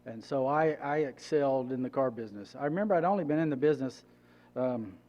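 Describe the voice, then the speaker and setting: A man's voice: medium pitch, expressive, quick pace, a little mellow. A middle-aged man giving a personal testimony as a church guest speaker, telling his story conversationally and acting out what others said. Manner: conversational, acts out quoted dialogue.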